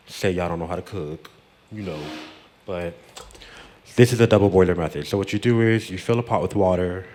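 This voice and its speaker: A man's voice: low voice, a little mellow, a little hiss or hum. Chatty man hosting a cooking demo. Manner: chatty and playful, drops Spanish words. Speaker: cooking show host. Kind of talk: casual cooking demonstration. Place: home kitchen.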